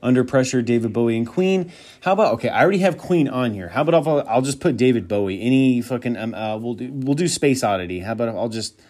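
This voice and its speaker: A man's voice: mid-range voice, lively intonation, fast talker, a little mellow. A man hosting a solo podcast, rambling and thinking aloud in a casual, profane way. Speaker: podcast host.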